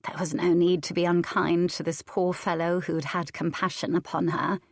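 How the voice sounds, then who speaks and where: A woman reading a historical romance audiobook in measured, even narration. Her voice sits on the low side, and the recording is dry and close. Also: no echo. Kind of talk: scripted narration.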